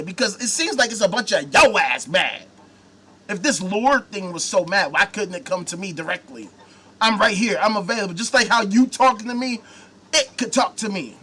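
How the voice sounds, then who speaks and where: A man's voice: sits high, pushed and bright, a little hiss or hum. A man hosting a live talk show, ranting angrily and sarcastically with heavy swearing. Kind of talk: profane live-stream rant.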